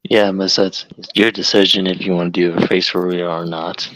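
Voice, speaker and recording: A man's voice: sits low, little pitch movement, normal speed, low-quality recording. Hesitant man, crowd noise behind. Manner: hesitant, filler-heavy. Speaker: stream guest. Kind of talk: casual chat.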